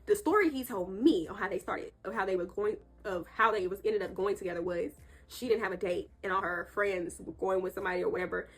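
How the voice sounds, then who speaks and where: Fast-talking congested young woman vlogger. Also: mid-range voice, slightly rough. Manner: chatty, emphatic, keeps checking in with 'okay?'. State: congested, nasal from allergies. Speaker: storytime vlogger. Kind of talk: casual storytime chat to viewers. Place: indoor room.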